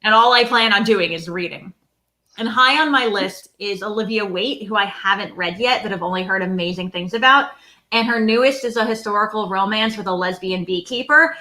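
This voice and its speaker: An enthusiastic woman chats on a video call in a bright, clear voice of middle pitch. She rambles warmly, peppering her sentences with "like". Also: a little fast. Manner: chatty, lots of "like" fillers, enthusiastic. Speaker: indie bookseller guest. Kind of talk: casual chat.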